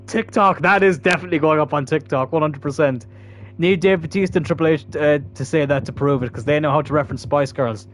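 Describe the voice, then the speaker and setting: A man's voice: a little high, brisk. A man giving casual, chatty commentary while playing a football video game, swearing freely. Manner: chatty, swearing, bursts into loud laughter. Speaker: gaming YouTuber.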